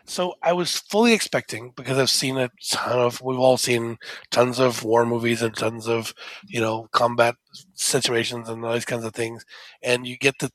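A man co-hosting a casual movie review chat, animated and excitable, laughing often. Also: mid-range voice, dry recording. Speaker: podcast co-host.

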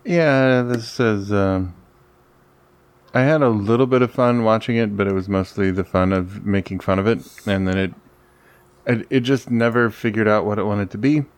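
Exasperated low-voiced man ranting. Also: normal speed, clear, resonant tone, no room sound. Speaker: podcast co-host reviewing a movie. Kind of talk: casual chat.

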